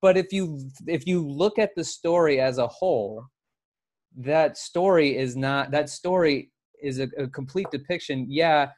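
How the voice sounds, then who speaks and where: A man co-hosting a podcast, telling stories in casual chat, animated and full of swearing. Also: fairly high pitch, a little slow. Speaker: podcast co-host.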